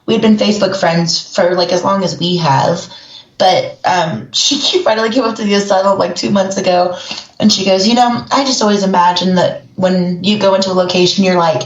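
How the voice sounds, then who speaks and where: A woman's voice: mid-range voice, a little fast. A woman chatting casually as a co-host who runs a haunted asylum, bubbly and cursing freely. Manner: bubbly, swears freely, laughs often. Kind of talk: casual podcast chat. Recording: roomy, dull lo-fi call audio.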